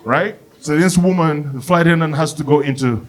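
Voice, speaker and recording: A young man from Uganda doing a stand-up comedy set, telling a lively story and acting out the people in it. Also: a little high, a little fast. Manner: animated storytelling, acts out characters, bursts of excitement. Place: comedy venue with live audience.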